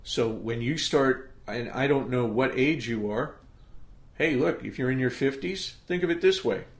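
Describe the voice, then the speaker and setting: A man's voice: mid-range voice, unhurried, roomy sound. A middle-aged man hosting a podcast, giving an emphatic motivational monologue that he punctuates with "okay?" check-ins. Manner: emphatic, pep-talk delivery with frequent "okay?" check-ins. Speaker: podcast host.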